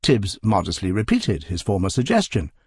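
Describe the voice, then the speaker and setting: A man narrating a classic novel in an expressive, measured storytelling manner. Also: fairly low pitch, slightly rough, no room sound, studio quality.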